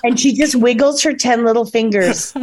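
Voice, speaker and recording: A woman's voice: fairly high pitch, normal speed, noisy background. A woman being interviewed in a casual chat, chatty and telling stories, acting out quotes. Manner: chatty storyteller, acts out quotes. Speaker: actress, interview guest. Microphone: phone call.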